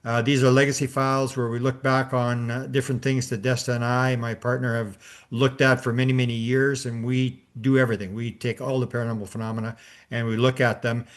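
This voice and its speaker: A man's voice: mid-range voice, flat delivery, a little fast. An older man hosting a podcast, telling a long story in a casual, rambling way with many restarts and fillers. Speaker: podcast host.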